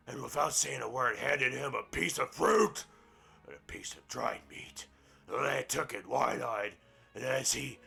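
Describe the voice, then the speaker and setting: A man's voice: medium pitch, gravelly, pushed and bright, slightly rough. A man reading a book aloud in a game roleplay, breaking off into crude, profane, mocking asides. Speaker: gaming roleplay streamer.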